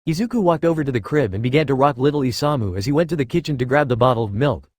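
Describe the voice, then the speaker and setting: A man narrating a fan-written story aloud in a steady, even way. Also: mid-range voice, very fast, no room sound, studio quality. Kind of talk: reading fan fiction aloud.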